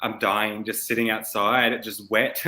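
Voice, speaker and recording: A man's voice: on the low side, fairly even intonation, measured pace, pushed and bright. A man co-hosting a live mediumship stream, chatting in an easygoing way with plenty of fillers. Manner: easygoing, filler-heavy, says "like" often. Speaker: medium, co-host. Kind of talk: casual live-stream chat.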